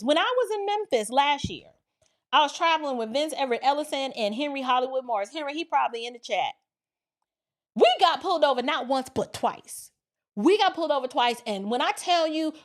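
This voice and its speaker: A woman hosting a casual livestream commentary, telling stories in a colloquial, emphatic way and acting out the dialogue. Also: high voice. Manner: animated storytelling, acting out dialogue. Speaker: commentary channel host.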